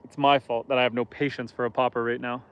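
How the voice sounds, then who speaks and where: A man's voice: medium pitch, little pitch movement, quick pace, clean tone, dry recording, highs cut off. A man hosting a casual live stream outdoors on a lake from a boat, chatting with viewers in a joking, self-deprecating way.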